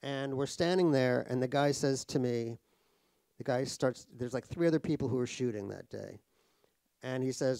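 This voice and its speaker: Man, from the United States, raspy low fry, wry and profane, self-mocking storyteller, dry mic. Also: normal speed, warm tone, no echo. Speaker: author guest. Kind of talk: anecdotal storytelling on stage. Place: cultural center stage conversation.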